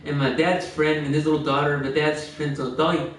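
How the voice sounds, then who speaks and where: Livestreaming a game, a man with a fairly high, fairly level voice talks a little fast, meandering through old stories, laughing often and restarting phrases. The distant mic picks up a very echoey room and slight background noise.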